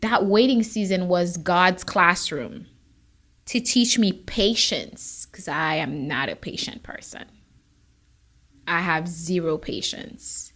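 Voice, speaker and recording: Speaking slowly in a lowish, slightly bright voice, a woman who is an immigration attorney and hosts her own show offers a heartfelt personal testimony. She's earnest and encouraging, though emotion brings her near tears at moments.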